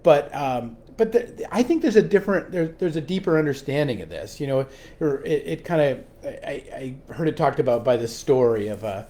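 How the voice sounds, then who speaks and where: A man's voice: medium pitch, lively intonation, normal speed, mellow. A man giving a sermon reflection as a pastor, often repeating words and restarting as he tells a story.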